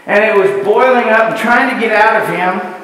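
Male preacher, high voice, heard from a distance in a church hall with long reverb; repeats rhetorical questions. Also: moderate pace, a bit bright. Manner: repetitive rhetorical questions, building lists. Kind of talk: sermon. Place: church sanctuary.

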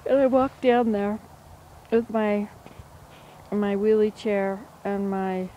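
A woman's voice: mid-range voice, fairly even intonation, drawn-out words, lo-fi sound, a little hiss or hum. A woman vlogging outdoors by a marsh, chatting in a rambling, thinking-aloud way. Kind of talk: casual outdoor vlog chat.

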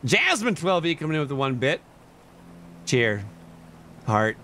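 A man's voice: mid-range voice, unhurried, a bit bright, a little hiss or hum. A young man streaming live, chatting casually, chuckling and thanking his chat. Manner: laid-back, chuckling, reads and thanks chat.

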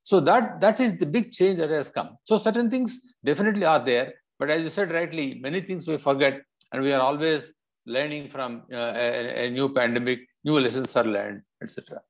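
A man from India speaking as a panelist in a public health discussion, explaining in a measured way. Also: fairly high pitch.

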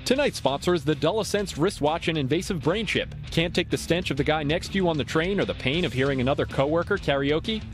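A man delivers a mock commercial in a slick pitchman voice. His voice sits slightly high, and clear music plays behind him. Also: lively intonation, fast talker, hardly any pauses. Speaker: announcer. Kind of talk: parody commercial voice-over.

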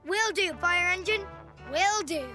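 A woman's voice: measured pace, loud music behind the voice. A woman voicing a cheerful, curious four-year-old boy in a children's cartoon. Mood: cheerful, polite. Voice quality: high bright childlike voice.

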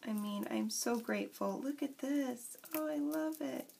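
A woman vlogger chatting casually as she unboxes craft supplies, gushing and excitable. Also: high voice, a little slow, creaky, a little hiss or hum.

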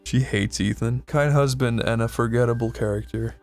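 A man's voice: medium pitch, steady tone, normal speed, gravelly, soft background music. A man co-hosting a let's play, reacting to the game with crude, joking banter. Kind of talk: profane casual gaming banter.

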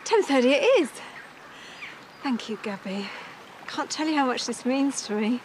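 A woman's voice: on the high side, normal speed, natural voice. An actress playing a breathless fretful mother. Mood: touched. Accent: English. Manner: gushing, flustered, breathy. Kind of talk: TV soap drama. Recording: noisy outdoor TV scene.

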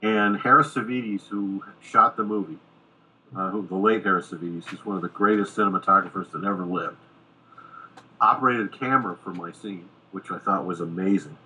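A middle-aged American screenwriter telling a lively anecdote in a podcast interview, acting out the quoted dialogue. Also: male voice, deep voice, a little fast, slight background noise, low-quality recording. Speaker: screenwriter guest. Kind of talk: casual storytelling in a podcast interview.

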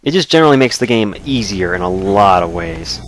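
A man's voice: deep voice, expressive, brisk, slight background noise. A man hosting a let's play, giving casual gameplay commentary in a joking, explanatory way with frequent chuckles.

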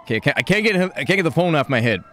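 A man's voice: a little high, big pitch swings, rapid-fire, a bit bright. A man playing a stoned, hyper male gambler and self-styled entrepreneur who rambles and repeats catchphrases in a game role-play. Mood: scheming. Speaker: role-player.

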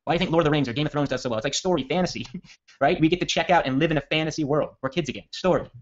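A man giving a casual copywriting training, telling a long story in a rambling, self-correcting, energetic way. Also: on the high side, very fast. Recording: dull lo-fi audio.

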